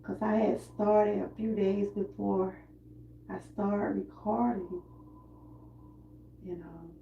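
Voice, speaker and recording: A woman with a Southern US accent who runs a wellness vlog. She talks in a slow, heartfelt way while doing seated cardio. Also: medium pitch, fairly even intonation, gravelly, reverberant, dull audio, slight background noise. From Georgia, US. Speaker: wellness vlogger. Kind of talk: live-stream talk during seated cardio.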